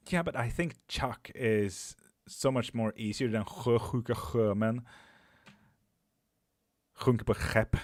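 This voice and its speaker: A man's voice: mid-range voice, no room sound. A man, a tarot reader hosting a live stream, chatting loosely with viewers, swearing and laughing often.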